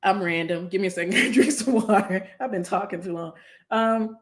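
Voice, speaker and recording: A woman's voice: mid-range voice, brisk. A woman psychologist talking casually on a live stream, chatty and long-winded, with many fillers and an upbeat, encouraging manner.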